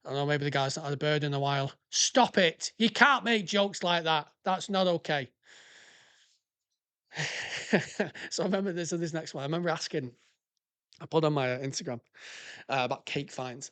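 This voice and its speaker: A man's voice: medium pitch, fairly bright tone. A man, a podcast host and former police officer, giving heated, sweary commentary on listener stories. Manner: sweary, heated and ranting, breaking into laughs. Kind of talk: ranting casual commentary on listener submissions.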